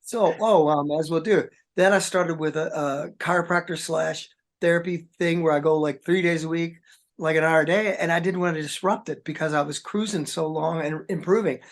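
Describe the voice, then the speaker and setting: A rock drummer with a fairly high, steady voice talks at a moderate pace in a casual interview chat. He's a rambling, chatty storyteller who spins long stories and says "man" and "dude" a lot.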